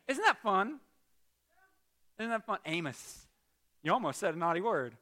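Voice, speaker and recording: A man preaching a lively church sermon as pastor, joking with the congregation and swinging from quiet asides to loud exclaims. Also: high-pitched, fairly quick. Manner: animated, jokey, shifts from quiet asides to loud shouts.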